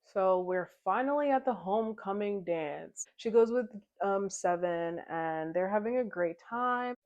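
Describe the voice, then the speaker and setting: A woman's voice: mid-range voice, measured pace, lo-fi sound. A woman casually recapping a novel in a chatty, giggly way, slipping into the characters' lines as she retells the plot. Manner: chatty retelling, slips into quoted dialogue. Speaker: book club vlogger.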